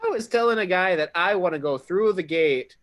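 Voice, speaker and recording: A man playing a tabletop game, bantering in a joking, quick way. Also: high-pitched, animated. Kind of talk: casual game chat.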